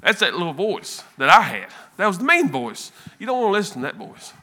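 A man giving an emotional church testimony, earnest and halting, often repeating words. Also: high-pitched, very animated, sharp tone, a little hiss or hum.

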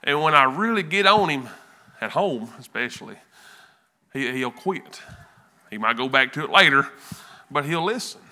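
A man giving an emotional church testimony, earnest and halting, often repeating words. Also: on the high side, expressive, bright, forceful tone.

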